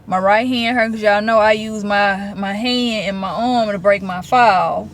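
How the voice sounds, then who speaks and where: A woman's voice: mid-range voice, steady tone, unhurried. A woman, chatting expressively to her viewers in a casual vlog. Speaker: vlogger.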